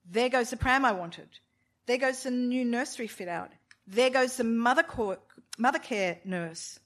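Sharp-tongued pregnant wife, scornful, exasperated, pitched up high, woman reading it out. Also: a little slow.

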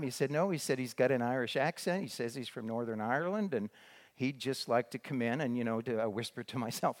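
An older man recounts his missionary years in a loose storytelling talk. He rambles, restarts his sentences and fills pauses with "uh" and "you know". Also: medium pitch. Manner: rambling with many restarts and fillers. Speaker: former missionary.

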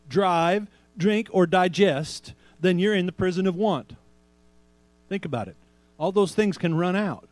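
A pastor with a high-pitched, darkish voice preaches conversationally, asking rhetorical questions and slowing down to stress quoted scripture. There is no echo.

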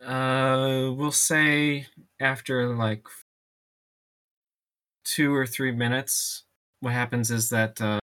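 A man narrates a tabletop role-playing game as its game master. He talks slowly and haltingly, stopping often for fillers while he works out what happens next. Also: mid-range voice, flat delivery, pushed and bright. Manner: hesitant, full of ums and pauses.

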